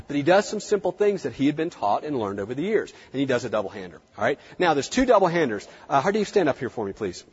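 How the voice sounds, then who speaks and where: A man's voice: mid-range voice, husky. A man with a Southern US accent giving a conversational seminar lecture, repeating words as he demonstrates on stage. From American South. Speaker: workshop presenter. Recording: dull recording in a large reverberant hall.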